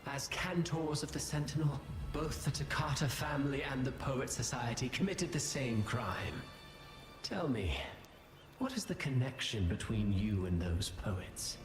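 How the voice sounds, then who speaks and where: A man voicing a cunning, theatrical male schemer in a game, smooth and probing. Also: mid-range voice, animated, a little slow, reverberant, over music, close to an everyday voice.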